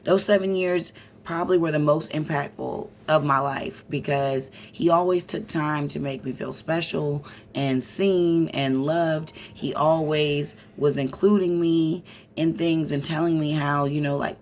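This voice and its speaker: A woman telling a childhood story to her viewers in a casual vlog, animated and profane, calling them "y'all". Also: deep voice, a little slow, a little hiss or hum.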